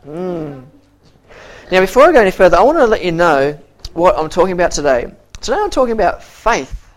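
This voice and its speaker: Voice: mid-range voice, sing-song. A teacher giving an interactive Bible story lesson, acting out characters' lines in quoted voices, quizzing the listeners, and often repeating words while searching for the next phrase. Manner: halting, with frequent repeated words.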